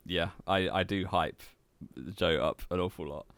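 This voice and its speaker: A man's voice: sits low, unhurried, vocal fry, a bit bright, clean tone, no room sound. A young man co-hosting a podcast, dry and teasing, laughing often. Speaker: podcast co-host. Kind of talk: casual chat.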